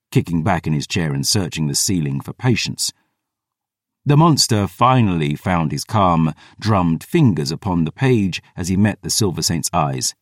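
Intense, low-voiced male narrator. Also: expressive, no echo, clean studio sound. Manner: measured and intense, with slow emphatic beats. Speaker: audiobook narrator. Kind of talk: dramatic audiobook narration.

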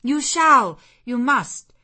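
A woman's voice: mid-range voice, unhurried, fairly bright tone. A woman voicing a determined, passionate young woman who speaks in an insistent, fervent way.

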